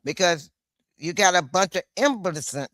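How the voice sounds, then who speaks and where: A woman livestreaming an angry political rant, blunt and swearing, with a slow, deliberate delivery. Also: fairly low pitch, expressive, fairly bright tone, no echo, studio quality.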